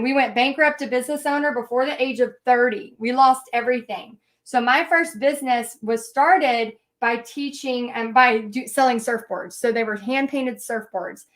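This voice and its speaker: Woman, high register, paint party instructor; casual, rambling storyteller with frequent fillers. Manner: chatty, frequent fillers and restarts. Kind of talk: live painting lesson with personal storytelling.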